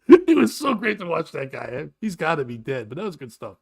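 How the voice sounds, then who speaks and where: A man hosting a morning talk show, telling a profane, animated story in a casual chat. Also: fairly high pitch, moderate pace, creaky, breathy edge. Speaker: show host and comedian.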